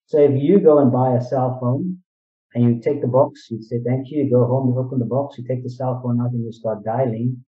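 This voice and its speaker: With fairly even intonation and a fairly quick pace, a man of medium pitch answers as an interview guest, earnestly repeating phrases and reaching for analogies and rhetorical questions. The mic is distant and dull, capturing a roomy sound.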